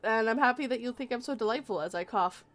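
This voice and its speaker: A woman's voice: a little high, fast, a bit bright. A woman hosting a casual livestream chat who has a cold and a cough. She is chatty and laughs easily. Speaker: stream host.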